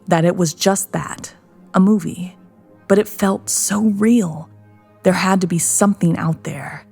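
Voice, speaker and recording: A woman narrating a first-person horror story in a hushed, tense manner. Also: on the low side, gravelly. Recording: narration over soft music.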